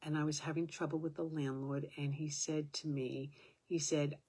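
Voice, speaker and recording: A woman's voice: sits low, little pitch movement, normal speed, warm tone, slightly rough. An older woman at home, talking to her own camera in a rambling, aggrieved way, with many fillers. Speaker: vlogger. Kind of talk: casual talk to camera.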